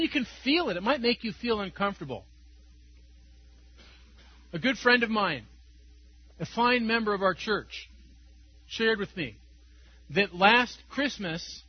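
Male preacher, high-pitched, slightly husky, chatty and chuckling, dull lo-fi sound. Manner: conversational, tells stories with chuckles. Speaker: pastor. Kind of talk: sermon.

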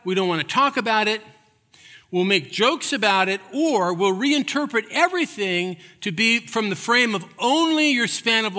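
A man's voice: high-pitched, pushed and bright, long reverb tail. A man preaching a sermon as pastor, telling a story with humor and building to emphatic points, in a church. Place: church sanctuary.

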